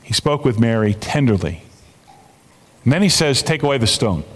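Animated preacher in a reverberant church. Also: male voice, mid-range voice, moderate pace. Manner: animated preaching with repeated restarts. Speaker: pastor. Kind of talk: sermon. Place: church sanctuary.

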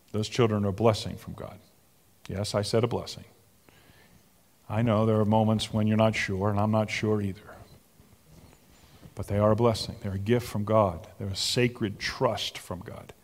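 A man preaching a sermon, moving between loud emphatic peaks and soft near-whispers. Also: lowish voice, big-room sound. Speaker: pastor.

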